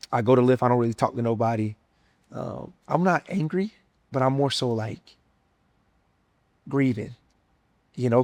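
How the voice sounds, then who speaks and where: A man's voice: mid-range voice, a little mellow, no echo. Earnest young Southern man, dry sound. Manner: earnest, emotional storytelling with casual slang. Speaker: former college football player sharing his testimony. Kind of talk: personal testimony.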